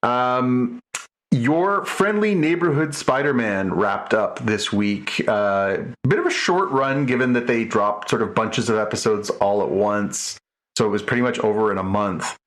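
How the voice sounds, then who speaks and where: A man's voice: mid-range voice, expressive, unhurried, fairly bright tone. A middle-aged man co-hosting a podcast in casual chat, rambling with many restarts and fillers. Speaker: podcast co-host.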